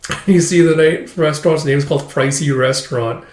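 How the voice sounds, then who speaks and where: A man's voice: on the high side, fairly even intonation, a little fast, a little hiss or hum. Casual man recapping in an echoey room. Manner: casual, peppered with "it's like". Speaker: video host retelling a comic chapter. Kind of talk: casual recap with voiced parts. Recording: roomy echo.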